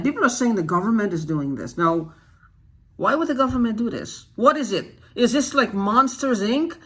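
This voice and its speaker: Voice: mid-range voice, a bit bright. A vlogger talking straight to the camera in an unscripted monologue, agitated, asking one rhetorical question after another, restarting sentences and repeating phrases for emphasis. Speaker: YouTube channel host.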